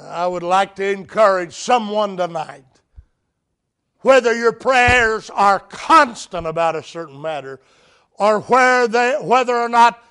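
A male preacher giving a sermon, stressing each point slowly and emphatically, with folksy storytelling. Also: sits high, lively intonation, a bit bright, smooth.

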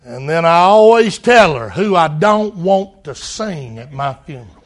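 Middle-aged male preacher, high voice, slow unhurried delivery, fervent sermon that rises to cries and drops to a hush. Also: lively intonation. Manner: impassioned, swings between crying out and hushed.

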